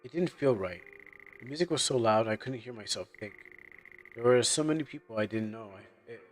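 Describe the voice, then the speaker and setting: A man's voice: medium pitch, expressive, brisk. A man streaming a game playthrough, reading its text aloud in a subdued, hesitant way. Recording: long reverb with faint game music.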